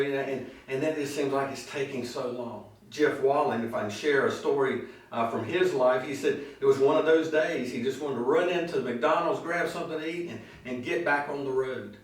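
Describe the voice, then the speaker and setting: A male pastor delivering a sermon, telling stories and slowing down on key phrases. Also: mid-range voice. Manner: storytelling preacher, slow emphatic phrases, acts out quoted voices. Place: church sanctuary. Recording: echoey hall, mic at a distance.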